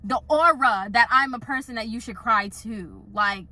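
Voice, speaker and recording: A young woman spins a storytime for her viewers, chatty and exasperated, filling every pause with "like". Her voice sits high and sounds bright and lively. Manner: chatty, exasperated, heavy use of filler "like". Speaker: salon worker. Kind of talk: casual storytime vlog.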